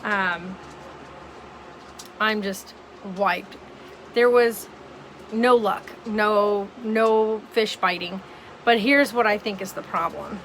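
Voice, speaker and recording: Tired lady vlogging from home, yawny, rambling with ums, middle pitch, faint noise behind. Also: slow, pauses often, fairly bright tone, poor audio. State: tired, yawning. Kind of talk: casual vlog chat.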